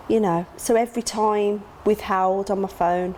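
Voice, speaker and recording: A middle-aged woman talks openly and emotionally as an interview guest. She tells her memories quickly, acting out remembered conversations, and her voice jumps high when she gasps. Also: steady tone, darkish tone, slight background noise. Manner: emotional, acts out quoted dialogue with sudden high gasps. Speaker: interview guest, grieving mother.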